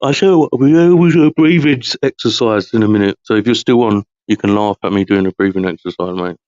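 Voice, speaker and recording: A man's voice: fairly low pitch, fast, a little mellow, no room sound, highs cut off. A man from hosting a long live podcast, chatting casually in a tired, rambling, slangy way. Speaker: podcast host. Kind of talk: casual late-night chat.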